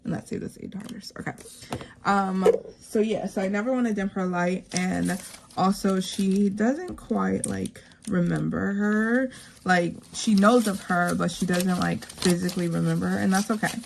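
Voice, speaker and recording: A woman in her thirties chatting casually while stuffing savings envelopes, rambling and heartfelt, with lots of fillers and softly counted money. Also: medium pitch, fairly even intonation, measured pace, vocal fry, a little hiss or hum. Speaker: savings vlogger.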